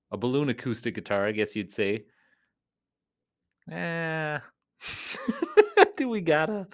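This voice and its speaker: A man who works as a clown entertainer, chatting casually and playfully in a rambling vlog, often jumping into high silly tones. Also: fairly bright tone.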